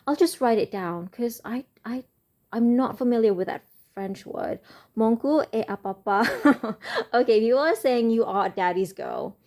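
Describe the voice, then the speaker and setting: A woman giving a slow, musing tarot reading, often pausing with fillers as she speaks. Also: a little high, animated, a little mellow. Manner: speaks slowly. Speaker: tarot reader.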